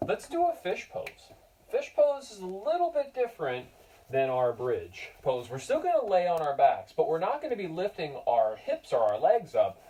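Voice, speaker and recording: A man's voice: on the high side, huge pitch swings, moderate pace, distant mic, background noise. A man teaching a yoga class for children, giving cues in an encouraging, playful way and chatting to his dog between poses. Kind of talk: guiding a kids yoga class.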